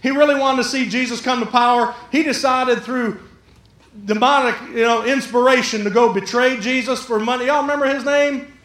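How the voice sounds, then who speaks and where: A man preaching a sermon, lively and jokey, acting out the people in the story. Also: very high-pitched, moderate pace, reverberant. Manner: lively, jokey, acts out the quotes. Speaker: pastor.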